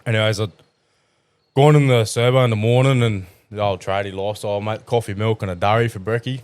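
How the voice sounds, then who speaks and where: Aussie tradie guy on a podcast, swears a lot, loud animated yarns, dry sound. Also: fairly low pitch, brisk, clear, resonant tone, dry recording. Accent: Australian. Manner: crude, swearing, animated storyteller. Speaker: podcast co-host. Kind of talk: casual podcast chat.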